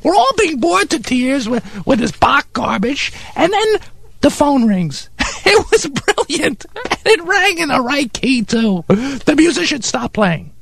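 A man playing Harry, an eccentric, pompous character in a comedy radio sketch, excitable and condescending as he gushes over bizarre music. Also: extremely high pitch, unhurried, creaky, no room sound, exaggerated voice. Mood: excited.

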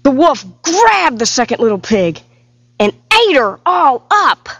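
A woman telling a fairy tale in a folksy, lively storytelling voice, full of homespun comparisons. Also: high voice, measured pace, no echo. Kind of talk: storytelling to music. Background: loud music.

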